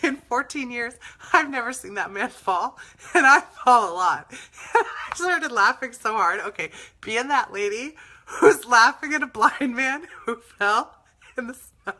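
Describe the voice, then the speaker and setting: A woman's voice: fairly high pitch, expressive, measured pace, pushed and bright. A woman host telling stories in a casual, chatty way, laughing often as she talks. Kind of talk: casual storytelling chat.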